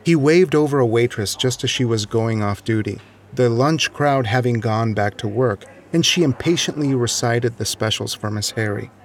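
A man reading a short story aloud in a measured, wry storytelling manner. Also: medium pitch. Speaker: narrator. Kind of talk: scripted narration of a short story.

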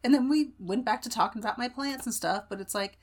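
A young woman co-hosting a casual podcast chat, telling stories in an animated way. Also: fairly high pitch, fast talker. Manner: animated storytelling, mimics voices when retelling. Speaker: podcast co-host.

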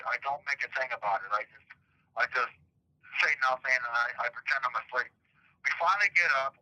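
A man's voice: mid-range voice, bright, forceful tone. A middle-aged man recounting past events in an interview, rambling and repeating words, acting out the dialogue he quotes, heard over a phone line.

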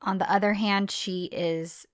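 A woman's voice: medium pitch, fairly even intonation, a little slow, no room sound, studio quality. A woman co-hosting a casual podcast, thinking aloud about the characters in a reflective way. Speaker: podcast co-host. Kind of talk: casual chat.

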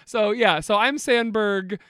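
A man's voice: high voice, a little slow, fairly bright tone, smooth, dry recording, studio quality. A man co-hosting a podcast, chatting casually, joking and laughing often. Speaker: podcast co-host.

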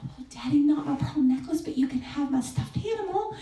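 A woman's voice: expressive, brisk, warm tone, very echoey, distant mic. A woman doing a small pleading little girl. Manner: high childlike pleading voice.

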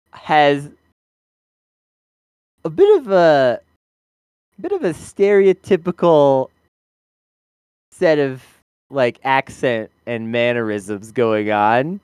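A man's voice: on the high side, a little mellow, clean tone, no echo. A man co-hosting a casual review podcast, rambling, laughing often and swearing casually into a close mic. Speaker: podcast co-host.

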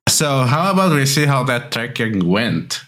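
A man narrating a tabletop role-playing game as game master, slow and hesitant with frequent pauses. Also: medium pitch, very animated, a bit bright.

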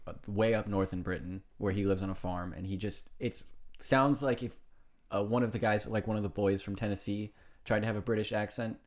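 A young man with a somewhat low voice co-hosts a casual podcast. He is chatty and incredulous, throwing out questions and opinions. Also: steady tone, a little fast. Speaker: podcast co-host. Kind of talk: casual chat.

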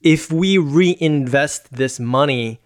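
A man's voice: on the high side, slow. A man hosting a podcast, patiently and methodically explaining investing in casual talk.

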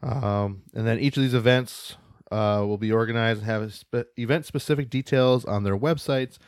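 A man's voice: mid-range voice, moderate pace, darkish tone, smooth, no echo, clean studio sound. A man co-hosting a casual podcast, reading out news and events with loose, joking asides and casual swearing. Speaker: podcast co-host.

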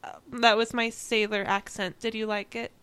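Young woman, podcast co-host, casual chat, animated, laughs a lot, high-ish voice. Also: moderate pace, clear, resonant tone, no room sound. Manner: giggly, animated, laughs often.

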